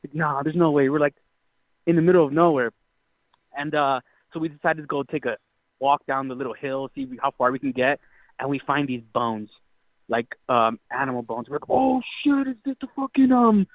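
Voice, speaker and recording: A man's voice: medium pitch, steady tone, moderate pace, dry recording. A young man calling in from Utah, telling his story in a rambling, casual way with lots of fillers and swearing. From Utah, United States. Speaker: caller. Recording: tinny dry phone line.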